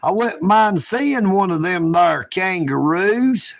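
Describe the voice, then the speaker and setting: Gravelly slow-talking man. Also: high voice, expressive, dry recording. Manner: folksy, rambling, joking drawl. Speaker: livestream host. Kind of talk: casual livestream chat.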